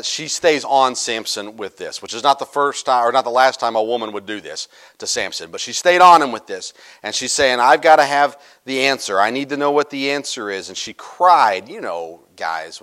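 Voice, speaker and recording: A middle-aged male pastor preaching a sermon in a casual, joking storytelling manner with quick asides. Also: mid-range voice, fairly bright tone.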